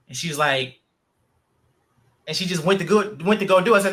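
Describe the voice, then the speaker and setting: A man hosting a podcast, telling stories in an animated, casual way with plenty of fillers. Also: a little high, quick pace, long pauses. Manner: animated storyteller, lots of fillers. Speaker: podcast host, jiu-jitsu instructor. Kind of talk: casual conversation.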